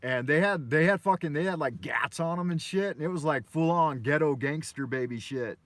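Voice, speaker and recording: A man's voice: on the high side, moderate pace, fairly bright tone, dry recording. An American man from Los Angeles hosting a live morning show from his car, telling stories in a loose, profane, meandering way. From Los Angeles, USA. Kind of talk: rambling live-stream storytelling.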